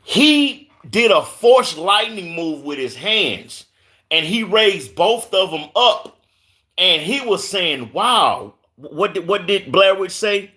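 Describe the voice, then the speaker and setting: A man's voice: sits high, lively intonation, slow, sharp tone. A man from Houston with a Southern accent, hosting a casual live stream and reading viewer comments aloud, often stumbling on names and repeating words. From Houston, Texas.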